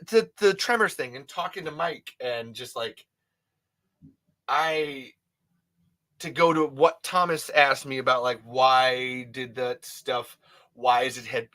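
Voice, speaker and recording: A man in his thirties hosts a casual livestream, his medium-pitched voice slightly bright. He rambles emphatically, restarting often and swearing a lot.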